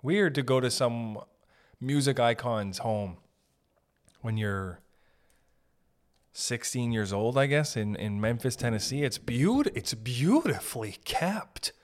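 A man's voice: medium pitch, lively intonation, slow pace. A young man hosting a podcast, rambling through a comedic monologue, interrupting himself often and swearing casually. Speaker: podcast host.

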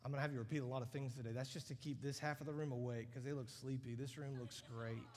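A man preaching a sermon in a large church auditorium, animated and emphatic, building to loud peaks. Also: medium pitch, fast talker. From United States. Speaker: guest preacher. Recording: long reverb of a large hall.

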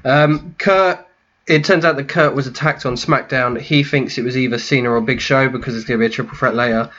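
A man, a podcast co-host, calmly recapping events from his notes in casual chat. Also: mid-range voice, fairly quick, lo-fi sound. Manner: calm, dry summarizing.

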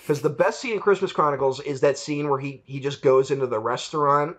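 Talking fairly quickly, the podcast co-host has a slightly high voice with a fairly bright tone. His casual film review chat rambles along, full of chuckles and acted-out quotes from scenes.

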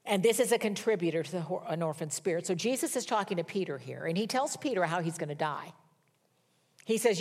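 Older woman preaching, lowish voice. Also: animated, fairly quick, darkish tone, slightly rough. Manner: conversational, folksy storytelling with wry humor. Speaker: pastor. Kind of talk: sermon.

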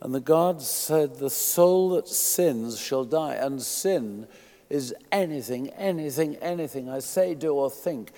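A man preaching a sermon in a church, emphatic, swinging from quiet asides to loud declarations. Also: mid-range voice, animated, takes it slowly, big-room sound.

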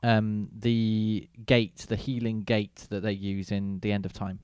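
A man's voice: lowish voice, monotone, a little mellow, clean tone, no echo, studio quality. A man hosting a casual chat, leading the game and laughing easily. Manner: chatty, leads the game, quick to laugh. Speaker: podcast host.

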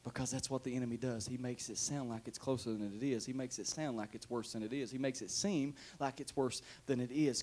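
A male pastor preaching to a church congregation, moving between hushed talk and shouted calls for the room to answer back. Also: medium pitch, steady tone, a little fast, few pauses. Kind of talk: sermon.

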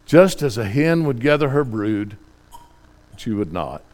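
A middle-aged man preaching a sermon, reading scripture quietly and then building to fervent, pleading questions. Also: medium pitch, very animated, unhurried.

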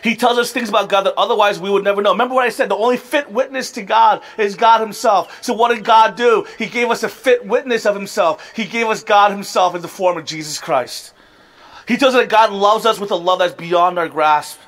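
A man's voice: high voice, fairly quick, fairly bright tone. A man in his thirties preaching a sermon as a pastor, earnest and building to impassioned appeals.

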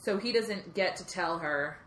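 A woman co-hosting a podcast, casually chatting about a movie, playful and quick to chime in and finish her partner's sentences. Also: fairly low pitch, a bit bright, roomy sound, slight background noise. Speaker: podcast co-host. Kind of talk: casual movie recap chat.

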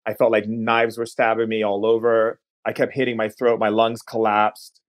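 A man who is a podcast guest, recounting a personal story in an earnest, unhurried way and often slowing down to linger on words. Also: on the low side, completely flat delivery.

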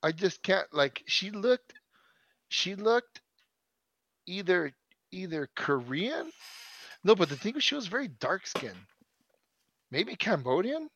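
A man's voice: high-pitched, very animated, takes it slowly, pauses often, fairly bright tone, no room sound, lo-fi sound. A man in his thirties telling a long story in casual chat, swearing often and restarting his sentences. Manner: profane, rambling storyteller with many restarts.

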